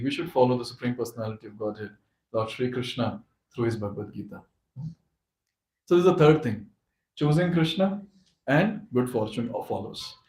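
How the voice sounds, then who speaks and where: A man giving an animated devotional talk at a youth forum, speaking directly to the audience. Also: on the high side. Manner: animated storyteller who addresses the audience. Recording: echoey hall.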